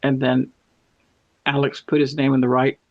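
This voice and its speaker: A man's voice: mid-range voice, monotone, normal speed, no room sound. A man chatting casually and telling a meandering story full of self-corrections, as a guest. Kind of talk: casual anecdotal chat. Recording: dull lo-fi sound.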